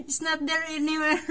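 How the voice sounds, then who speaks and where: A woman with a Filipino accent coos at a cat in a high, sing-song voice. She speaks very slowly and drawn out, coaxing and laughing as she mixes English with her own language. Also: bright, forceful tone. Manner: mixes English with local words. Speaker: pet sitter. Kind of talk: talking to a cat.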